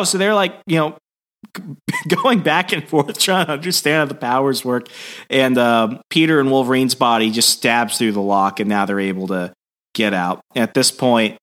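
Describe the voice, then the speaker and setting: A man hosting a podcast, giving a casual comics recap with animated storytelling. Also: mid-range voice, normal speed. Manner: animated storytelling, acting out dialogue. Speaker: podcast host.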